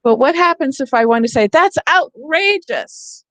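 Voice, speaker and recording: A woman's voice: fairly high pitch, quick pace, dry recording. A woman training teachers in a casual, conversational lecture, explaining spelling rules with frequent asides. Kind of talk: professional development lecture.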